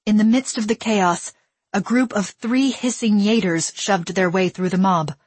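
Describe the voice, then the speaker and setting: A woman reading a novel aloud in steady, dramatic storytelling narration. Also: mid-range voice, unhurried, breathy edge, no echo. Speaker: audiobook narrator. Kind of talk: scripted narration.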